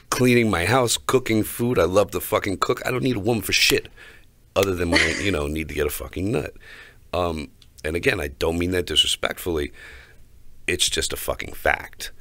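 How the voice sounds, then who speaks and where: Very deep-voiced man ranting on a podcast. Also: expressive, normal speed, sharp tone, no room sound. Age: adult, older than co-host. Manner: profane, swaggering, heated. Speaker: podcast host. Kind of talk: crude casual podcast rant.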